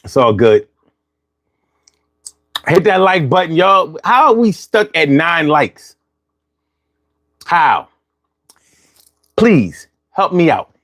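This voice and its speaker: A man's voice: fairly high pitch, very animated, slow, long pauses, a bit bright. A man hosting a casual livestream, chatting loosely, reading chat and repeating his phrases.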